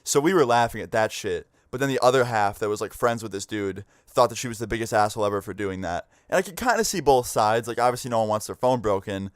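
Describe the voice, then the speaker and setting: A man's voice: lowish voice, fast, few pauses, dry recording, clean studio sound. A young man vlogger telling a casual story, full of swearing and "like". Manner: casual, swears a lot, lots of "like".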